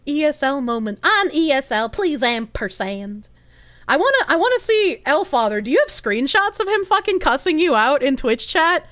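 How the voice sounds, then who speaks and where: A woman streamer chatting casually and reading viewer comments aloud, giggly and animated, swearing freely. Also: high-pitched, normal speed. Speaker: live streamer.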